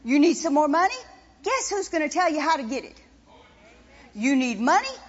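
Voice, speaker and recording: A woman's voice: high-pitched, big pitch swings, normal speed. A woman preaching a sermon with impassioned, emphatic repetition. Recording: dull sound with long reverb in a hall.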